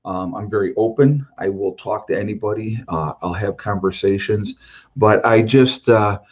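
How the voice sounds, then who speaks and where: Earnest, low-voiced man rambling his views. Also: moderate pace, a little mellow, breathy edge, muffled recording. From New York. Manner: earnest, plain-spoken, rambling with fillers. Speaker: vlogger on a motorcycle trip. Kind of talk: casual opinion monologue.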